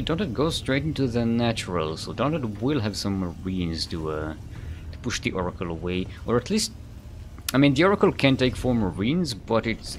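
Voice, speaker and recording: Faint music runs behind a man casting a live video game match, his medium-pitched voice carrying a little hiss or hum. This esports caster rambles and frequently corrects himself, chuckling lightly.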